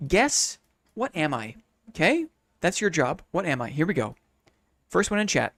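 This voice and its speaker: A man's voice: on the high side, sing-song, normal speed, a bit bright, no room sound. A man streaming a game live, chatting casually with viewers in a playful, mock-formal, upbeat way.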